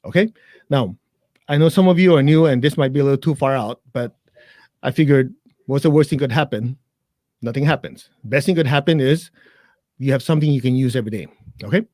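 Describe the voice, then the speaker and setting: A man's voice: mid-range voice, fairly quick, long pauses, a little mellow, no room sound, studio quality. A man teaching meditation as a guest, explaining in plain blunt words with jokes, then guiding listeners through a chant. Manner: blunt, joking, talks straight to listeners. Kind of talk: guided meditation instruction in a live interview.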